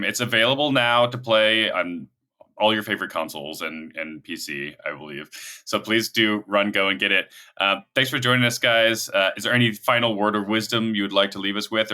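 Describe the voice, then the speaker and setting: A man's voice: on the low side, pushed and bright. A man hosting a casual podcast interview, asking questions in a friendly, enthusiastic way. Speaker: podcast host.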